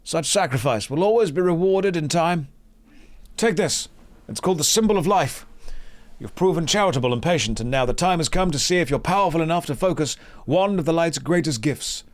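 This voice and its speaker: A man's voice: on the high side, lively intonation, brisk, pitched above the performer's own voice, natural voice. A man voicing a solemn, formal male quest giver of a holy order.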